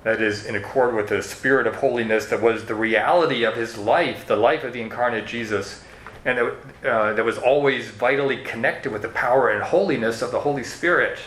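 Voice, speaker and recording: A man's voice: mid-range voice, brisk, fairly bright tone, a little hiss or hum. Man preaching in an echoey room. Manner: earnest teaching tone, leads listeners through verses. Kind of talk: expository sermon. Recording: echoey room with faint ambience.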